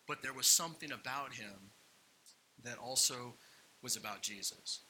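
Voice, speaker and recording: A young man tells a personal story in sermon style, acting out the people in it. His voice is very bright and forceful. A faint hiss sits under the recording. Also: medium pitch, normal speed, low-quality recording. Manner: animated personal storytelling, acts out quotes. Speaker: pastor.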